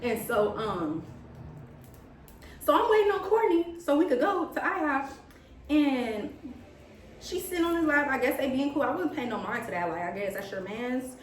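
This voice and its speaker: Animated young woman telling a story in an echoey room. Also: high-pitched, normal speed, long pauses, slight background noise. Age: young adult. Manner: animated, dramatic retelling with gasps and quoted lines. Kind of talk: casual storytime chat. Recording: echoey room, mic at a distance.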